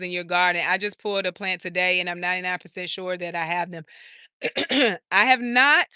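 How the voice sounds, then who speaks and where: A woman's voice: medium pitch, bright, forceful tone, clear, resonant tone, dry recording, studio quality. A woman hosting a live garden tour, chatting casually and reading viewer comments. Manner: chatty, laughs often, talks to viewers as y'all. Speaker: garden channel host doing a live stream. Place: outdoor urban garden.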